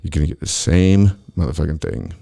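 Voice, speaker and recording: A man with a very low, gravelly voice rants on his own show. He talks angrily and swears constantly as he vents to his listeners. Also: sing-song, a little fast, dark tone. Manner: angry, profane, ranting. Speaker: podcast host. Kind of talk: solo political rant.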